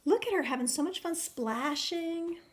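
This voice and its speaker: A woman teacher reading a picture book aloud to young children, animated and full of questions. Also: very high voice, moderate pace. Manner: animated, questioning, sing-song.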